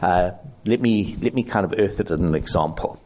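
A man's voice: sits low, moderate pace, darkish tone. A man teaching ethics to a live audience in a conversational way, polling the room and acting out quoted voices. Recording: dull lo-fi sound.

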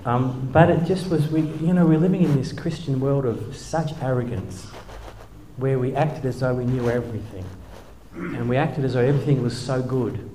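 A man's voice: medium pitch, mellow, a little hiss or hum. Man, middle-aged, wry storytelling, chuckling asides, echoey hall, faint background ambience. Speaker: speaker, former church leader. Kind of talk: humorous storytelling talk. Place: hall with a live audience.

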